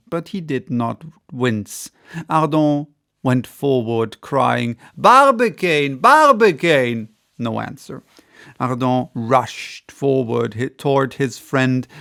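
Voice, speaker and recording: Slow, measured male narrator. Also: mid-range voice, gravelly, clean tone. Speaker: audiobook reader. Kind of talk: classic novel narration.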